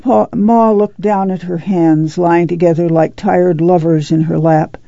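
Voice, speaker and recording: A woman narrating a novel in a measured, low-key reading, on a dull lo-fi recording. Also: fairly even intonation, gravelly, mellow, dry recording. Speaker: audiobook narrator. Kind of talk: scripted narration.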